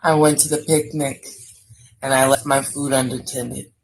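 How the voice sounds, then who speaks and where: A woman's voice: rumbling low, flat delivery, rough recording. A woman co-hosting a live stream, leading a word game and answering her co-host with exasperated teasing. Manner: slow, deliberate, exasperated teasing. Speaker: co-host running word games. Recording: faint background noise.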